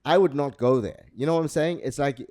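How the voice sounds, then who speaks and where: A man co-hosting a podcast, telling a long story in a rambling, halting way. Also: fairly high pitch, darkish tone, dry recording, studio quality. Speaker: podcast co-host. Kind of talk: casual chat.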